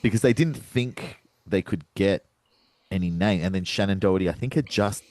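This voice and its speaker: A man co-hosting a casual podcast chat, who is animated and acts out quotes with sudden jumps in pitch. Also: moderate pace, dry recording. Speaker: podcast co-host.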